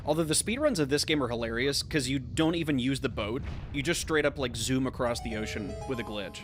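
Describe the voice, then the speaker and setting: A young man streaming a game, talking casually with sarcastic, excitable reactions. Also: mid-range voice, a little fast, over music. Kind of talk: casual live-stream commentary.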